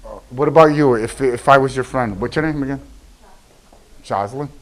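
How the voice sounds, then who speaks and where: A man filming casual street interviews on a campus, asking loud, teasing, goading questions. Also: mid-range voice, brisk.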